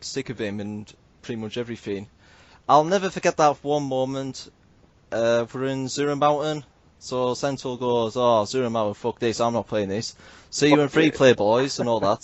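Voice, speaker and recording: Podcast host, man, animated storyteller, dry lo-fi voice chat sound. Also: medium pitch, no room sound. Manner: animated, swearing, mimics others in quotes.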